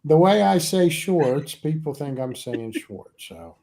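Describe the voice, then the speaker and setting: A man's voice: a little high, expressive, takes it slowly, vocal fry, warm tone, slight background noise. A man co-hosting a casual livestream chat, easygoing and laughing along over a video call.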